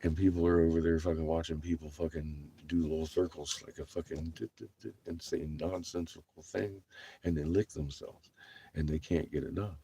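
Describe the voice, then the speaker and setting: A man's voice: rumbling low, fairly even intonation, moderate pace, warm tone, breathy edge. A man ranting profanely to his viewers in a rambling monologue, laughing between lines. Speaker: livestreamer.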